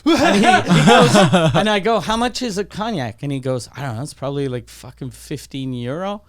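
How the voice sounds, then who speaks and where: A man's voice: a little high, fairly quick. A middle-aged man hosting a podcast, telling profane stories in casual chat and acting out the people he quotes. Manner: profane animated storyteller, acts out quotes. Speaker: podcast host.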